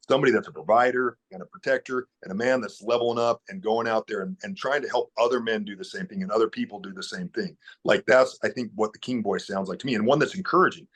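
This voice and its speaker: A man's voice: lowish voice, breathy edge. A man speaking as a podcast guest in casual conversation, earnest and blunt, with casual swearing.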